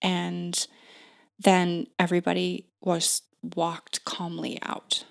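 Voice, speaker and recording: A woman in her thirties telling a personal story as a podcast guest, unhurried and full of "like" fillers and restarts. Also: on the low side, completely flat delivery, creaky, clear, resonant tone.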